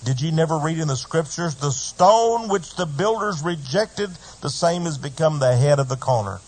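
A man reading the words of Jesus in a sermon, in a calm, solemn, husky voice. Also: a little high, normal speed, low-quality recording.

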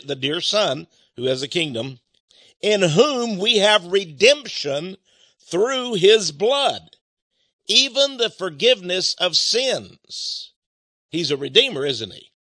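A man with a Texan accent preaching a sermon in a folksy way, slowing down to stress key phrases. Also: high-pitched, pushed and bright, no echo. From Texas. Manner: folksy, varies pace, slows for emphasis.

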